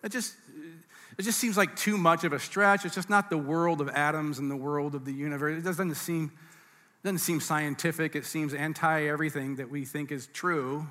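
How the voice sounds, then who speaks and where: A man's voice: a little high, steady tone, moderate pace, bright, forceful tone. A man preaching a sermon as pastor, in a conversational teaching manner with asides and restarts. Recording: reverberant hall.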